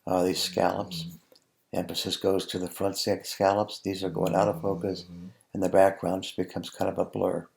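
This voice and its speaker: Low gravelly man explaining photos. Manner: relaxed, halting, many ums and restarts. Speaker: food photographer. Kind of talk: casual tutorial narration over photos.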